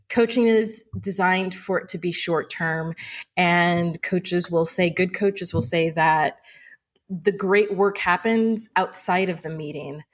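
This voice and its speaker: Woman coach in casual podcast chat. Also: lowish voice.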